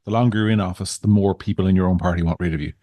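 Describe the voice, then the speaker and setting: Low-voiced man, dry studio podcast. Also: dark tone, dry recording. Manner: thoughtful, measured opinions with frequent restarts. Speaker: podcast co-host. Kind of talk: casual political chat.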